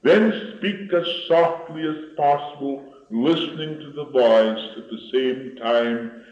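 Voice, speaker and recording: Slow-spoken man teaching voice exercises. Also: medium pitch, darkish tone. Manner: slow, deliberate, demonstrating vocal sounds. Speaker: voice and speech teacher. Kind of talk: instructional voice lesson. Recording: dull lo-fi old recording in an echoey room.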